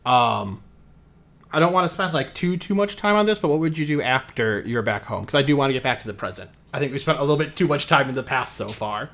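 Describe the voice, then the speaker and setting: A man's voice: medium pitch, lively intonation, fast, a bit bright. A man narrating as game master in a casual tabletop session, rambling and full of fillers.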